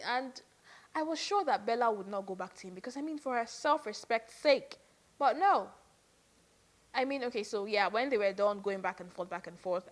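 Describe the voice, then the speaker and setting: A young woman giving casual, exasperated gossip commentary on a reality show, ranting in a lively way with lots of "like". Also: medium pitch. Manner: exasperated, animated ranting with frequent "like".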